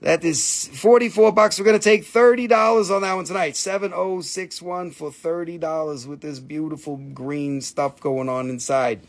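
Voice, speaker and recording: A man's voice: a little high, steady tone, normal speed, hardly any pauses. Joking man selling crystals live. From Appalachian Valley, United States. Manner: joking, crude asides, sing-song crooning. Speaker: live stream crystal seller. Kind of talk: casual live sales chat.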